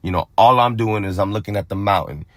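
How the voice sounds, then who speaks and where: A young man with a very low, deep voice tells a rough street story straight into the mic. He swears a lot and acts out what everyone said. The sound is dry and close, with no room echo. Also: quick pace. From Phoenix, Arizona. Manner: profane, animated, acts out other people's lines. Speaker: storyteller on a vlog channel.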